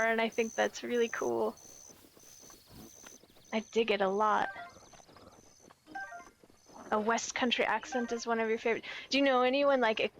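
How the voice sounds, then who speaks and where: With a fairly high-pitched voice, a woman from the United States talks casually with her viewers as she plays a game. She reads out their messages and frequently hunts for the right words, and there's slight background noise.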